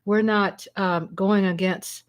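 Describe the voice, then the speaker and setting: A woman hosting a casual livestream from home, chatty and excitable, breaking into shouts and laughter. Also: medium pitch, takes it slowly. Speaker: livestream host.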